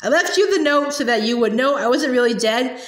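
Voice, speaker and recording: A woman's voice: high voice, animated, a little fast. A woman voicing a fussy, fearful older aunt who whines and scolds about grammar, read aloud from a storybook. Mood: prim. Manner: whiny, prim, scolding. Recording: roomy echo.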